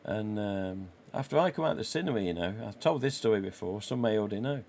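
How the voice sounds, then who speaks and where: A man's voice: fairly low pitch, lively intonation, fast talker, vocal fry, darkish tone, a little hiss or hum. A man in his forties with an English accent, hosting a casual live stream and chatting, swearing freely, and acting out the dialogue he quotes. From England. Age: 40s.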